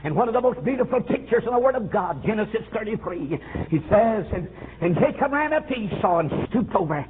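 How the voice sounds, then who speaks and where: A man preaching a revival sermon, fervent and swooping, with frequent "uh"s and bursts of shouting. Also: high voice, animated, a little fast. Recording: tinny phone-like old recording with faint hiss.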